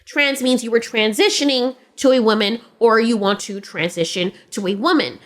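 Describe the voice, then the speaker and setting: A woman with a fairly high voice delivers opinionated commentary at a moderate pace. Her tone is blunt and sarcastic, and she often laughs as she talks.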